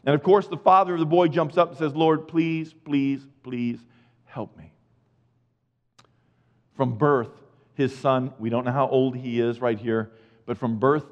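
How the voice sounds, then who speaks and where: A man preaching a sermon, reading scripture and retelling it in casual modern speech, swinging between loud and hushed. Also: medium pitch. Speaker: pastor. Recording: reverberant hall, muffled sound.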